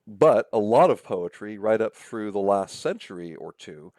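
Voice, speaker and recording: A man's voice: lowish voice, lively intonation, normal speed, a little mellow, no room sound, clean studio sound. A man lecturing over slides in a conversational way, often checking in with "right?" and "okay?".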